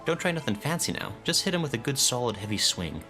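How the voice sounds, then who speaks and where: A brisk, cheery axe teacher, put on by a man, with a raised, chipper voice. Faint game music plays underneath. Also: medium pitch, big pitch swings, bright, forceful tone, pitched above the performer's own voice.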